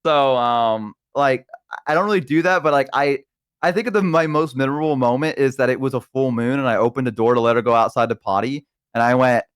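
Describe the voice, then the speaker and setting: A young man chatting casually on a stream, telling lively stories and acting out voices with sudden shouts. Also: medium pitch, fairly quick, clean tone, dry recording, clean studio sound. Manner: animated storyteller, acts out voices and shouts. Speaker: streamer guest. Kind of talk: casual chat.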